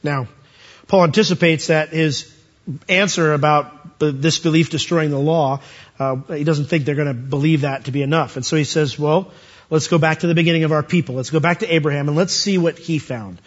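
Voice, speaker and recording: A man preaching a sermon, animated and rising to high emphatic peaks as he quotes scripture. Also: fairly quick, dull audio.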